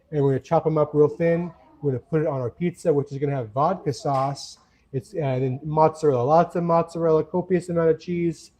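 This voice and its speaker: A man's voice: fairly high pitch, mellow. Chatty, rambling cooking-stream man. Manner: rambling, chatty, addresses viewers as friends. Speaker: cooking livestream host. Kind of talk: casual cooking chat. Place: home kitchen.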